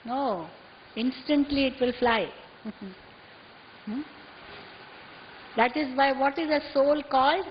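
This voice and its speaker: A woman giving a measured spiritual talk and posing rhetorical questions to her listeners. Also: high-pitched. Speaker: spiritual teacher. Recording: muffled recording in a reverberant hall with faint hiss.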